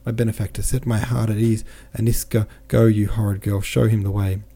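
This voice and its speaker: A man reading the part of a distraught middle-aged mother who pleads and scolds in a higher, louder voice. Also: little pitch movement, moderate pace, lightly acted. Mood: imploring. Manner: pleading, frantic, then scolding.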